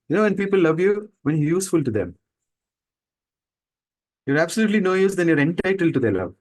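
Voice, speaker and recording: Emphatic spiritual teacher, higher voice. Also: male voice, big pitch swings, a little mellow, poor audio. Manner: emphatic, full of rhetorical questions; mocks people with quick put-on voices. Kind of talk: spiritual talk to students.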